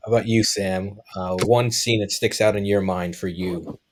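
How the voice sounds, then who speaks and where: A man hosting a podcast, asking guests questions in a relaxed, playful way. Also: on the low side, moderate pace. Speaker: podcast host. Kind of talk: casual interview questions.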